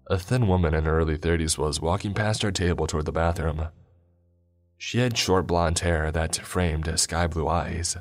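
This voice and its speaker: Man, narrator, very deep voice, measured delivery, soft music underneath. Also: fairly even intonation. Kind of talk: first-person story narration.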